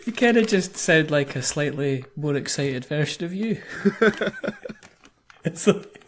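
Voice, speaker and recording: Teasing, giggly host. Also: male voice, fairly high pitch, lively intonation, unhurried, slight background noise. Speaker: podcast host. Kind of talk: casual podcast interview.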